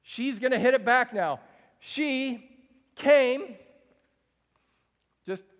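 A man's voice: very high voice, extremely slow, fairly bright tone. A young man preaching a sermon to a congregation in a large room, speaking in a candid, conversational way with frequent casual fillers. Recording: long hall reverb.

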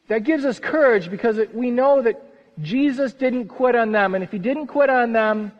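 High-voiced preacher in an echoing hall. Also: male voice, normal speed. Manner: earnest, lively delivery that drops soft at phrase ends. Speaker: pastor. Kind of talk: sermon. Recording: reverberant hall, dull sound.

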